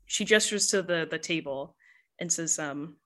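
A woman narrating as game master of a tabletop role-playing game, describing scenes in a relaxed way with many fillers. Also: low-pitched, moderate pace.

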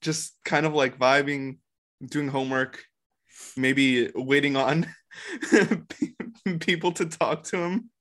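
A woman's voice: rumbling low, slow pace, fairly bright tone. A woman player describing her character in a laid-back, casual way. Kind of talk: playing a tabletop game.

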